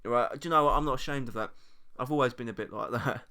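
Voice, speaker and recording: A young man from Britain delivers a casual vlog monologue to camera in a fast, mid-range voice with a bright, forceful tone. He's rambling and self-deprecating, laughing often as he moves between points.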